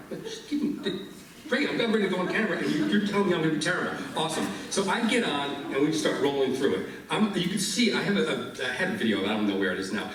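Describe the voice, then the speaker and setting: A man, a chef, telling a lively anecdote on stage at a live interview, with laughs and restarts. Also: medium pitch, fairly quick. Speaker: chef and guest. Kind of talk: storytelling on stage. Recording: very echoey hall, from far off.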